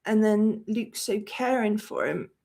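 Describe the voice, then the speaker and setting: A woman's voice: medium pitch, animated, a little slow, creaky, darkish tone. A woman hosting a movie channel in a live-stream chat, talking emotionally and rambling with many fillers. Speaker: host of a movie review channel.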